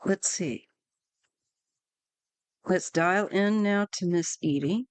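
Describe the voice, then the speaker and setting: A woman's voice: fairly low pitch, slow, no echo. A woman doing a live tarot reading for viewers, chatty and reassuring, with many fillers and restarts. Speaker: tarot reader.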